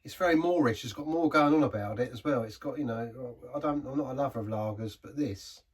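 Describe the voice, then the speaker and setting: A man's voice: mid-range voice, fairly quick, husky, far from the mic. A man giving a casual, rambling beer review, often stopping and restarting his sentences. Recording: voice set back from the mic.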